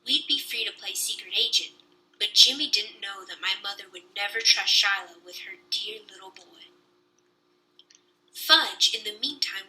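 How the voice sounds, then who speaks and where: A young woman reading a children's book aloud with lively storytelling. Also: mid-range voice, low-quality recording.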